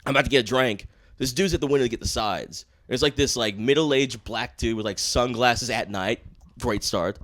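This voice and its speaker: A man from Washington, D.C., a stand-up comedian guest in a casual podcast chat, telling stories in an animated, slangy way full of swearing. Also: medium pitch, normal speed.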